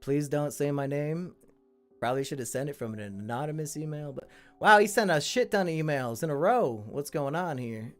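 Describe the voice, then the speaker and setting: Man, live-stream host, blunt and crude, fairly high voice, faint music behind. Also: lively intonation, normal speed. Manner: blunt and crude, swearing freely; chatty asides to the chat. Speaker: live-stream host reading viewer stories.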